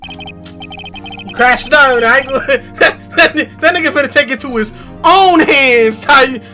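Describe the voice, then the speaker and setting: A woman streaming a game with loud, crude, laughing commentary over game music. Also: high-pitched, measured pace. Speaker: gaming streamer. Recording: game music playing behind.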